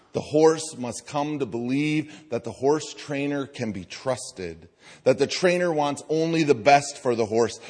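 A male pastor preaching a sermon, telling a story and acting out voices, slowing and softening on key phrases. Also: medium pitch. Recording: long hall reverb.

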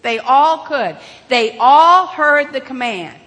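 A woman with a high, bright voice tells a story at an unhurried pace, acting out each moment with dramatic rises and asking her listeners questions as she goes. Her voice rings through a large hall with long reverb. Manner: animated, dramatic retelling with rhetorical questions. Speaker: children's sermon leader.

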